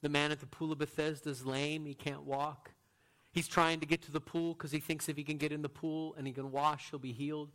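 A man preaching a sermon as a pastor, earnest, moving from loud emphatic lines to quiet, hushed ones. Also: on the high side, flat delivery, a little fast.

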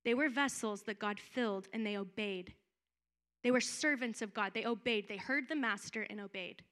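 A young woman preaching a sermon in a lively, conversational way, acting out quotes as she goes. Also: on the high side, moderate pace.

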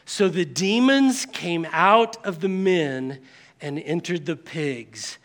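High, bright-voiced animated preacher man. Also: slow pace. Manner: animated storytelling, acting out scenes with sudden shifts in volume. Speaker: pastor. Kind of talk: sermon.

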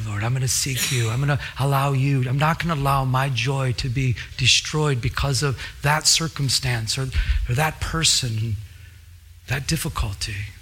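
A man preaching a sermon as pastor in a church, telling lively stories with laughter and acted-out voices. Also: fairly high pitch. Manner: lively storytelling with laughter and impressions.

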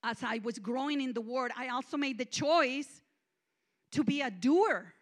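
A woman minister giving an emphatic, confessional testimonial sermon, swinging between loud declarations and hushed moments. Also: high voice, a little slow. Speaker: guest minister.

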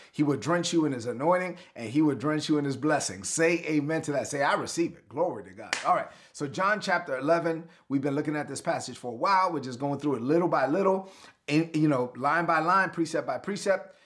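A man's voice: animated, brisk, a bit bright. A male pastor preaching an online sermon, calling on listeners to respond and act out the story. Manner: preaching, calls for responses, builds in pitch and intensity.

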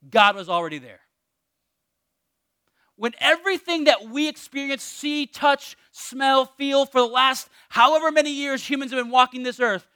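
A man preaching a sermon in a conversational, energetic way, often dropping to a hushed emphasis. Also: very high-pitched, dry recording, clean studio sound. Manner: energetic, conversational with emphatic drops to near-whisper. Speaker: pastor.

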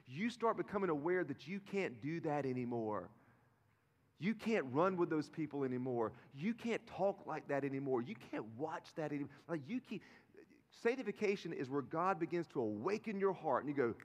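Animated middle-aged pastor preaching. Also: male voice, fairly high pitch. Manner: animated storytelling, acting out quoted voices. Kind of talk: sermon. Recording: long reverb of a large hall.

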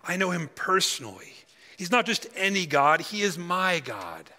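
A man giving a sermon as a guest speaker at a conference, reading scripture aloud with emphatic pauses. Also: high-pitched, sing-song, sharp tone, big-room sound. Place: conference hall.

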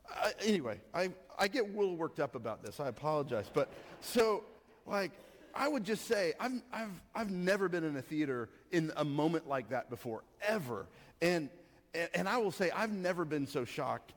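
A man preaching a sermon as pastor, telling a story in an animated, rambling way with many fillers. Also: fairly high pitch. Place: church hall. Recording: long reverb of a church hall.

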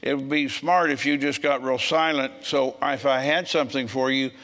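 A man preaching a sermon in a church, telling folksy stories in a frisky, forceful way. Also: mid-range voice, steady tone, normal speed, long reverb tail.

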